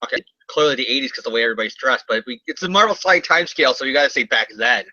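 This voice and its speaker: A man's voice: medium pitch, expressive, sharp tone, no room sound. A man co-hosting a comic book podcast, rambling casually and joking as he recaps an issue. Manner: rambling, jokey, does quick character voices. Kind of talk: casual comic review chat. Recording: dull, dry lo-fi audio.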